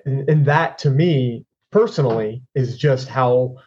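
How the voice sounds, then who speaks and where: A man's voice: medium pitch, a little slow, a little mellow, husky, lo-fi sound. A man hosting a podcast, chatting casually and reflecting on his own speaking voice. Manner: conversational, self-reflective. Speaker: podcast host.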